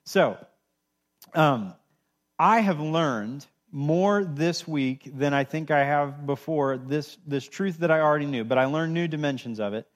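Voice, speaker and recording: A man's voice: a little high, measured pace. A man, a pastor giving a sermon in a casual, conversational way, doubling words for emphasis.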